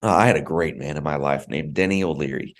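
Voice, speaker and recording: Man, podcast guest with a very deep voice; earnest, heartfelt personal storyteller. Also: fast talker. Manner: earnest, heartfelt, repeats words for emphasis.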